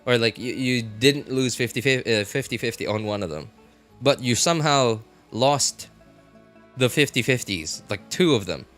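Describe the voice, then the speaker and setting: A male streamer chats loosely with his viewers between game moves, joking and laughing as he goes. His voice sits at an ordinary middle pitch. Faint music plays quietly under his talk. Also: expressive, normal speed. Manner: chatty, laughing, talks to chat. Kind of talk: casual live-stream chat.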